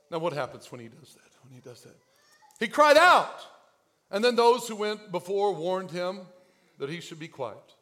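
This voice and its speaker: Guy preaching a sermon, really high voice, goes quiet then yells it out, acts out the story. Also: sing-song, normal speed. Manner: dramatic, acts out voices, swings from hushed to shouting. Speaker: pastor.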